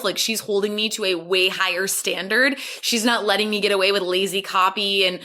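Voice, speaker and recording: A woman's voice: mid-range voice, fairly even intonation, brisk, hardly any pauses, bright, forceful tone. A woman hosting a solo business podcast, giving an upbeat, encouraging talk and acting out her clients' anxious inner voices. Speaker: podcast host and business coach.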